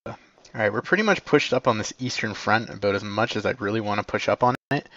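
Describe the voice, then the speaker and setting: A man's voice: fairly low pitch, quick pace, sharp tone, dry recording. A man acting as commander, giving orders in game voice chat, often hesitant with ums and uhs. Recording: dull lo-fi voice chat.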